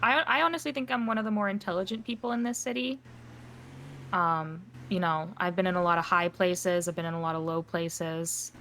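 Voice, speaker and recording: A woman chatting in character during an improvised roleplay, teasing and animated, with sudden jumps in pitch. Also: fairly quick, a little hiss or hum.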